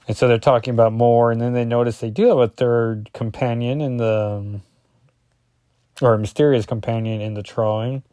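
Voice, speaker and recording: A man's voice: medium pitch, steady tone, normal speed, mellow, no echo. A man casually reviewing a comic book page by page, rambling and often correcting himself with lots of ums.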